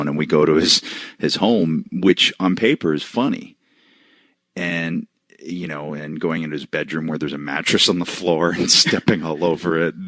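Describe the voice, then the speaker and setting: A man co-hosting a podcast, telling stories in a relaxed, casual way with frequent laughs. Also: rumbling low, no room sound, studio quality. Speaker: podcast co-host. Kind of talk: casual chat.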